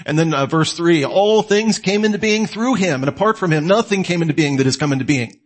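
Animated man lecturing to the listener. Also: fairly high pitch, a little fast. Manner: animated, asks the listener questions and answers them himself. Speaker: apologetics teacher. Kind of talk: conversational lecture.

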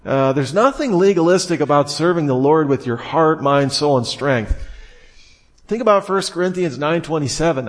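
A man preaching a sermon in a conversational way, rising sharply in pitch for emphasis and mock surprise. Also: expressive, normal speed. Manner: conversational preaching with fillers and quoted dialogue. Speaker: pastor.

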